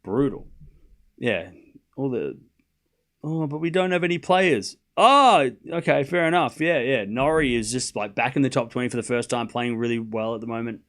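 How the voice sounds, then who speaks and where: A man's voice: medium pitch, normal speed. An Australian man hosting a live tennis stream, ranting casually and mockingly to his viewers. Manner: animated, mocking, talks straight to chat. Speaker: livestream tennis host.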